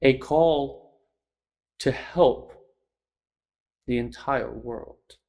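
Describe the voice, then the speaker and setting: Slow, gravelly young man. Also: mid-range voice, darkish tone. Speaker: host of a speech lecture series. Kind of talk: casual spoken commentary.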